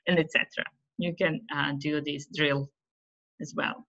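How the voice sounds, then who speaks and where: Speaking with an Uzbek accent, a middle-aged woman trains teachers over a webinar, patiently walking through ideas, using fillers and often asking "right?" Her deep voice is a bit bright, with fairly even intonation and a moderate pace, over dull lo-fi audio.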